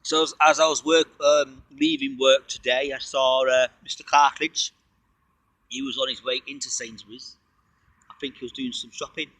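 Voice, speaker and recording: Casual male livestream host, bright and a touch husky, chatty rambler fond of wordplay. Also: mid-range voice, level tone, moderate pace, dry recording, rough recording. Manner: talks while eating.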